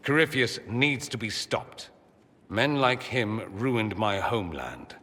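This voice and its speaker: A man's voice: medium pitch, expressive, bright, forceful tone, in a large hall. An actor playing a witty, sardonic male mage in a video game, teasing and dramatic in tone. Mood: wry. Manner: quick-witted, teasing, dramatic swings in tone.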